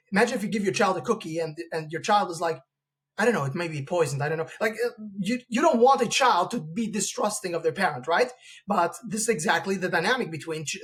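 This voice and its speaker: A man's voice: sits high, a bit bright. A man hosting a podcast interview who delivers a long opinionated argument, rambling with frequent restarts and acting out quoted voices. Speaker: podcast host. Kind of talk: opinionated conversational monologue.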